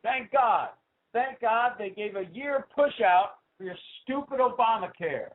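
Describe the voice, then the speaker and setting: A man hosting his own talk radio show, ranting with heat and swinging from low asides to loud outbursts. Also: unhurried. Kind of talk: political talk radio rant. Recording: tinny phone-like sound.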